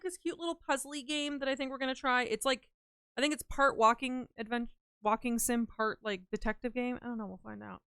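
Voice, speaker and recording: Chatty young woman streamer, bright pitch. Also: smooth, no room sound, clean studio sound. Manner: chatty, playful, rambling. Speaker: livestreamer. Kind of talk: casual chat with live viewers.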